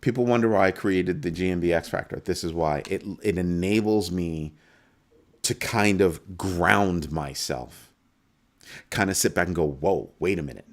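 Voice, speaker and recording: Deep-voiced man hosting a crypto show. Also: unhurried. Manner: animated, swings between calm and mock panic. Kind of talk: casual live-stream commentary.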